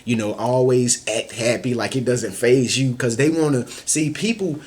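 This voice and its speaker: A man's voice: mid-range voice, normal speed, a little mellow, breathy edge. A man talking casually to camera with life advice, loose and slangy, often saying "you know what I'm saying" and acting out little scenes in other voices. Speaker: vlogger giving advice. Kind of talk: casual motivational talk.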